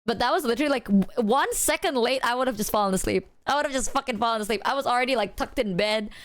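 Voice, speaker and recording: Animated swearing streamer woman. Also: fairly high pitch, fast talker. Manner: animated, swearing, acts out quoted voices. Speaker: livestreamer. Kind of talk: casual storytelling to chat.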